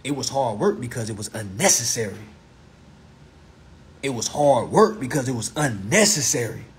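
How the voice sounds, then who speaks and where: A man's voice: mid-range voice, expressive, moderate pace, slight background noise. A man lecturing on a live stream, blunt and profane, who repeats his phrases for emphasis.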